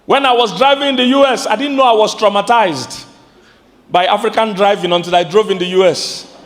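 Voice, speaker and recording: A Nigerian man preaches in a high, bright register, leaping up sharply for emphasis and quizzing the congregation. His voice rings through a large hall with a long reverb tail. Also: a little fast. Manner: animated preaching with sudden high-pitched outbursts; asks the congregation questions. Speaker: pastor. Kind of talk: sermon.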